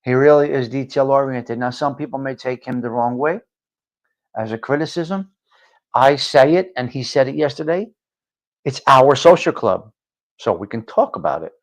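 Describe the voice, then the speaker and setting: A New man holds forth on his live-stream talk show in a blunt, salty monologue. He drifts between low, muttered asides and sudden loud bursts. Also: animated, normal speed. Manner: blunt, profane, ranting, swings from low muttering to loud outbursts. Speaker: livestream talk show host.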